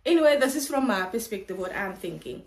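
A woman's voice: a little high, quick pace, rough recording. Chatty woman vlogger telling a story. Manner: animated, chatty storytelling full of "like". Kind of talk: casual story time.

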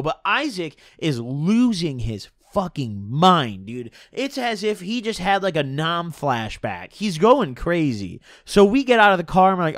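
Animated young man telling a story. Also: high voice, moderate pace, few pauses, no echo, clean studio sound. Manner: rambling, slangy, animated storytelling. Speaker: streamer. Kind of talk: casual storytime.

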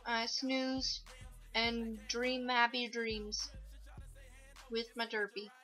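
Bright-voiced young woman rambling in a vlog. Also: fairly high pitch, little pitch movement, drawn-out words, faint music behind. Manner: rambling, goofy and profane, with lots of fillers. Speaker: vlogger. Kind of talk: casual show-and-tell vlog.

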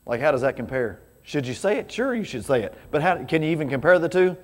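Speaking quickly and expressively in a rather high voice, a man preaches a laid-back sermon to his congregation, leaning on rhetorical questions. The recording carries the reverberation of a church sanctuary.

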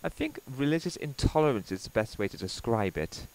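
A man's voice: mid-range voice, lively intonation, fairly quick, a little mellow, rough recording. Sarcastic Welsh man ranting. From Wales. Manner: sarcastic, heavy swearing. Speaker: commentator reacting to a clip. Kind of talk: sarcastic rant commentary.

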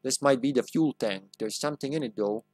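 A man's voice: mid-range voice, a little fast, a little mellow, no room sound. A man giving live gameplay commentary as a streamer, joking crudely and talking back to the game.

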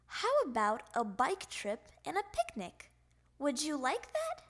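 A woman's voice: high-pitched, wildly swooping pitch, measured pace, exaggerated voice. A woman voicing a patient grown father frog in a storybook reading, coaxing his son along.

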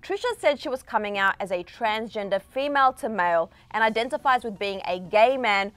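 A woman's voice: medium pitch, animated, brisk, fairly bright tone, clear, resonant tone, no room sound. A young adult woman co-hosting a casual celebrity news show, chatty and upbeat, often addressing viewers as you guys. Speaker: entertainment news co-host.

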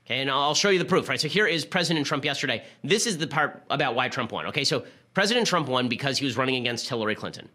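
A man's voice: medium pitch, lively intonation, sharp tone. A man hosting a political talk show, delivering a sarcastic, argumentative commentary monologue. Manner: rapid-fire, sarcastic, argumentative.

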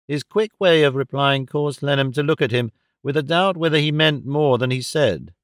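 A man narrating a classic novel in a steady, composed reading. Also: fairly high pitch, normal speed, smooth, no echo, studio quality. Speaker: audiobook narrator. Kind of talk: scripted narration.

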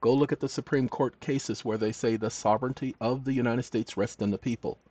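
A man hosting his own channel, talking straight to viewers in an emphatic monologue that swings between loud and hushed. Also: mid-range voice, fairly even intonation, fairly quick, dry recording. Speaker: channel host. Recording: dull lo-fi, dry sound.

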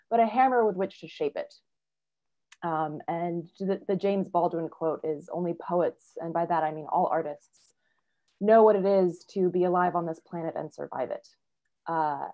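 Spoken word artist, female, low voice, hesitant casual intro, lo-fi call sound. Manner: hesitant, many fillers, earnest.

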